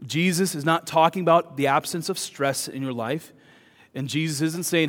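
A man preaching a sermon as pastor, moving between loud urgent emphasis and soft hushed words. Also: on the high side, normal speed. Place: church. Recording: long hall reverb.

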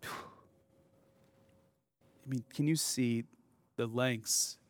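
A man preaching a sermon to his congregation. He swings between soft, intimate asides and loud, emphatic declarations, with casual, self-deprecating remarks. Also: mid-range voice, fairly even intonation, drawn-out words, no room sound. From American Midwest. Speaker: pastor.

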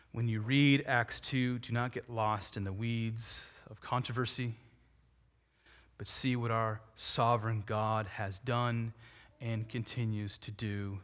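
A man, a pastor, preaching a sermon in an animated way, posing rhetorical questions and answering them, swinging between loud emphatic peaks and quiet asides. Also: lowish voice.

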